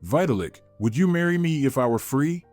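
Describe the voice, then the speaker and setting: A man's voice: mid-range voice, lively intonation, a little fast, darkish tone, no echo, soft background music, natural voice. A man voicing a whiny, pleading young woman who is having an affair, in a story narration. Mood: curious.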